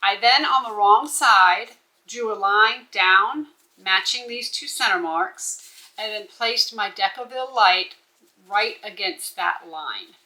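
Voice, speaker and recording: Woman instructor, crisp bright voice, patient step-by-step sewing walkthrough. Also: mid-range voice, slow, poor audio. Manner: instructive, checks in with "okay?". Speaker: bag-making instructor.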